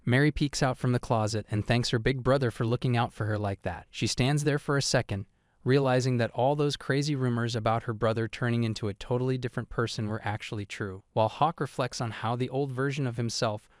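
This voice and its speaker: A man giving a scripted comic story recap with a steady, casual delivery. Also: medium pitch, a little fast, no room sound, clean studio sound. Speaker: recap narrator.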